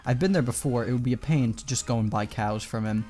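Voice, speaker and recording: A man's voice: mid-range voice, quick pace, darkish tone, faint music behind. Chatty man narrating his gameplay. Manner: chatty, rambling, coaxing in-game animals. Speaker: gameplay commentator. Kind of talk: casual gameplay commentary.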